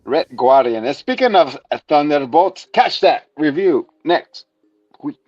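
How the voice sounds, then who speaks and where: A male co-host chats loosely and jokes as he reviews a show, rambling from one gag to the next. His voice sits at an ordinary pitch, recorded dry and dull, as on a modest home setup. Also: expressive, unhurried, a little mellow, no room sound, faint music behind. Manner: joking, rambling, playful. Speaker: podcast co-host. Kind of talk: casual comedic review chat.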